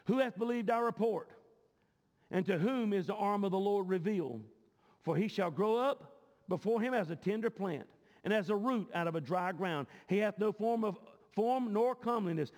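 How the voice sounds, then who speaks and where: A man preaching a sermon, often shouting with a rising cadence. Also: high voice. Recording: long hall reverb.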